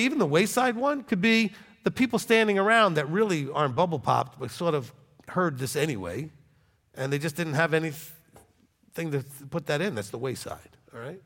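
Preacher guy, fairly high voice, keeps asking okay?, long church echo. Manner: conversational, animated teaching with frequent "okay?" check-ins. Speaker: pastor. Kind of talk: sermon.

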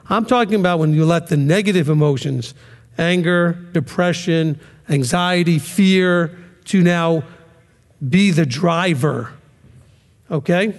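Guy with a pretty high voice teaching a ministry class, keeps saying okay?, hall echo behind him. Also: measured pace. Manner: conversational, keeps asking "okay?", acts out quoted voices. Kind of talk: sermon-style teaching.

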